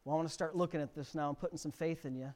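A middle-aged male pastor preaching a sermon, swinging from quiet reading to near-shouted emphasis. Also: a little high, fairly even intonation, very fast. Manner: preaching with sudden loud rises to near shouting.

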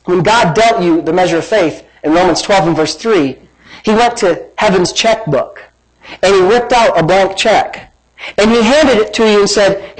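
High-voiced pastor preaching. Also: male voice, moderate pace, poor audio. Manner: preaching with rising emphatic shouts and humor. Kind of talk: sermon.

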